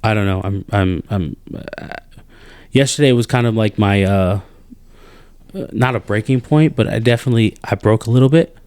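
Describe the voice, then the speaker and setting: A man hosting a podcast, venting in an animated, exasperated way with many restarts. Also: fairly low pitch, normal speed, clean tone, no room sound. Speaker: podcast host. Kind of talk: casual chat.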